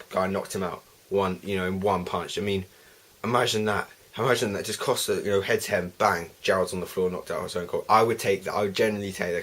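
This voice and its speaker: A young man delivers a heated, foul-mouthed fan review straight to the camera. His voice sits low and sounds a little husky, and he rambles, restarting his sentences as he vents. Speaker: football fan vlogger. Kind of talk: ranting fan video review.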